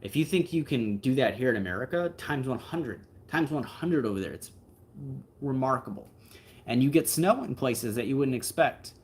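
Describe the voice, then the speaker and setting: A man's voice: mid-range voice, animated, moderate pace, husky. A man hosting a livestream, chatting casually with viewers and answering their comments in an easygoing, rambling way. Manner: easygoing, rambling, frequent fillers and asides. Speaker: livestream host.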